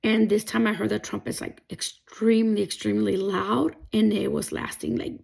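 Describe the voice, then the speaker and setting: A woman's voice: medium pitch, level tone, moderate pace, gravelly, a little mellow. A young adult woman telling a personal faith testimony, emotional and rambling with many fillers. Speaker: testimony vlogger.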